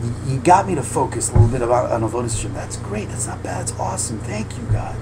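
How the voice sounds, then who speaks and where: A man, a rabbi, teaching an informal lesson in a lively, slangy way that often builds to loud fervor. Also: mid-range voice, creaky, background noise. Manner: animated, heavy slang, quick asides, rising to loud fervor.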